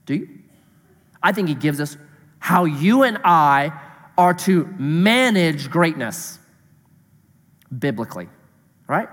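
Lively high-voiced pastor in a reverberant hall. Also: male voice, slow, pauses often. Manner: animated, rhetorical questions to the congregation. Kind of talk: sermon.

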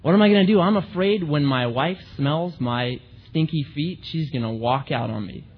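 A man's voice: on the high side, moderate pace, slightly rough, narrow, tinny audio. A man voicing a nervous young groom who worries and hesitates. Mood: worried.

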